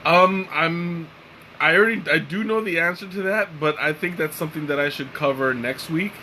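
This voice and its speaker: A tired, relaxed man hosting a live tea-tasting stream, chatting casually and rambling with lots of fillers and restarts. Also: fairly high pitch, normal speed, slight background noise, poor audio. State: tired and mellow. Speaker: tea livestream host.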